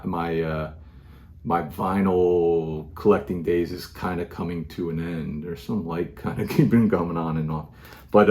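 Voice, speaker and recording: A man's voice: sits low, darkish tone. A middle-aged man talking casually at home about his music collection, rambling with lots of fillers and restarts. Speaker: record collector vlogger. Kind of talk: casual show-and-tell monologue.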